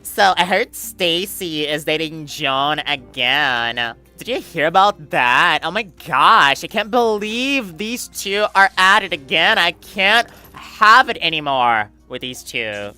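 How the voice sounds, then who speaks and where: A man's voice: fairly high pitch, lively intonation, slow pace, few pauses, pushed and bright, clean tone, faint music behind, exaggerated voice. A man voicing a chatty female talking bed who gossips in a Valley Girl voice. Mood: gossipy.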